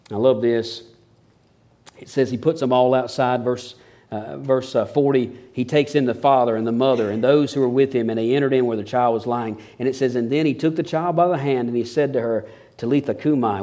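A man, preaching a sermon in a folksy, storytelling way and acting out the people in it. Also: medium pitch. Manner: folksy, animated storytelling with dramatized quotes. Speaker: pastor.

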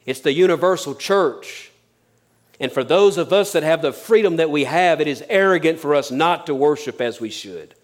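A man with a fairly high voice preaches a sermon in a loose, conversational way. He speaks plainly and suddenly drops his voice almost to a whisper to land a point. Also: animated, moderate pace. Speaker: pastor.

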